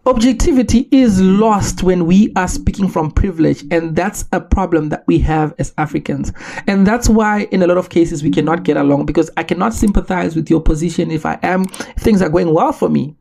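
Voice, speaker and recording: A man from Zimbabwe hosts a solo podcast, his voice sitting high with vocal fry and a dark tone. He makes his case in an earnest, measured way, leaning on rhetorical questions.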